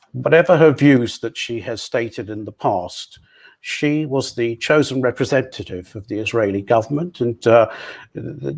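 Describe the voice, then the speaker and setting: A man giving a measured, formal answer as a candidate at a community election hustings. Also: medium pitch.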